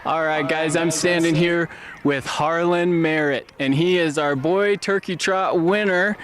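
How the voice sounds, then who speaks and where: A school principal interviewing young race winners outdoors in the snow, upbeat and gentle. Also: medium pitch, fairly even intonation, measured pace, crowd noise. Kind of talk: post-race interview with children.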